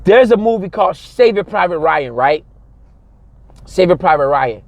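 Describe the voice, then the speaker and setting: Man, young adult, high-pitched, dry close recording, casual vlog commentary, emphatic, preachy, repeats himself for stress. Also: expressive, moderate pace, no echo. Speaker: vlogger.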